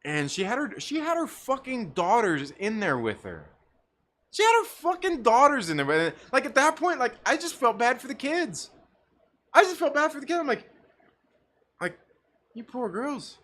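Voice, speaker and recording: A man hosting a live stream, telling a profane, animated story in a casual rant with bursts of laughter. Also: extremely high pitch, moderate pace. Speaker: livestream host.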